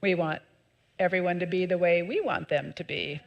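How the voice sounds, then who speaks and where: A woman minister giving a sermon, calm and measured in her teaching, with lively emphatic peaks. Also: lowish voice, creaky, lo-fi sound. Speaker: associate minister. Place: church sanctuary.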